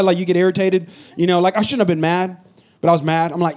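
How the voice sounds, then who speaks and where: A middle-aged man from the Bay Area preaching a sermon as pastor, animated and joking with his congregation. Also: high voice, fast. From San Francisco Bay Area. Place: church hall with a congregation.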